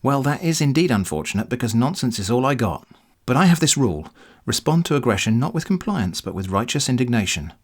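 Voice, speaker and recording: A man's voice: medium pitch, big pitch swings, brisk. A man narrating an account of baiting an email scammer, in a dry, wry way. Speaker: host. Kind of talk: scripted narration.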